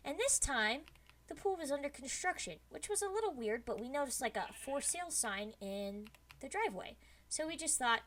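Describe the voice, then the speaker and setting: A woman streamer telling a spooky story to her chat in a casual, lively way, with many "like" fillers as she builds suspense. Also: high voice, normal speed.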